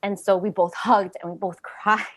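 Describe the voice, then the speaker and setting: Animated woman sharing a personal story. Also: mid-range voice, normal speed, slight background noise. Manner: animated storytelling with laughter and sudden hushed moments. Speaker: retreat participant sharing a question. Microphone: video call.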